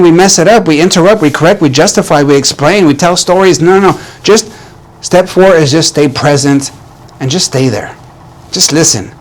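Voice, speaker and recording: Earnest man coaching with steady repetition. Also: fairly high pitch. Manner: earnest, repetitive, addresses viewer as "man", many restarts. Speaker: relationship coach. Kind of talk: direct-to-camera advice talk.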